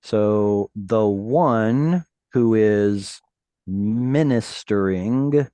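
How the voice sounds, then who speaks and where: A man teaching a Hebrew class over a video call, patiently explaining words and reading verses slowly. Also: medium pitch, warm tone, no room sound.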